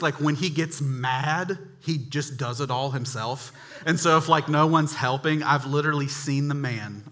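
Bright-voiced man preaching with chatty stories. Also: medium pitch. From North Carolina, USA. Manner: chatty storytelling, addresses the crowd directly. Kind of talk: humorous anecdotal sermon.

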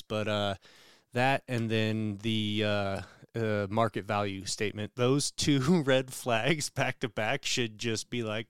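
Smooth-voiced easygoing man. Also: on the low side, steady tone, slow pace, dry recording, clean studio sound. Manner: easygoing, laughs along, practical. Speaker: podcast co-host. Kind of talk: casual chat.

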